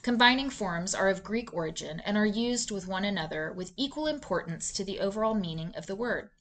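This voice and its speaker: A woman giving scripted instructional narration for a reading lesson, in a clear, measured, deliberate teaching delivery. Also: mid-range voice, animated. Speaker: literacy instructor.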